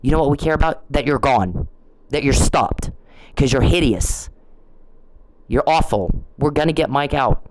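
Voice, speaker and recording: An extremely low, slightly mellow female voice with lively intonation delivers an unhurried angry rant to the camera, broken by long pauses. The vlogger swears and scolds, stumbling and restarting when heated, on a low-quality recording.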